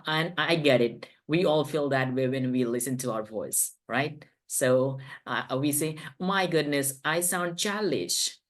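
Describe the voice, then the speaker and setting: Male English coach teaching an online masterclass. Emphatic, with deliberate pauses on key words. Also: mid-range voice.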